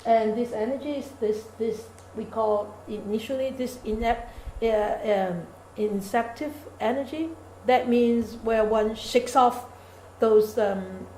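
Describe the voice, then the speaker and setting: Animated woman giving a dharma talk. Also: fairly high pitch, slow pace. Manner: animated, engaging the audience with questions and quoted inner voices. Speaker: meditation teacher. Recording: echoey hall with faint room noise.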